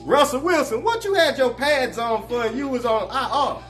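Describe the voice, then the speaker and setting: A man hosting a casual sports talk show, animated and joking, full of slang. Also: extremely high pitch, normal speed, faint music behind.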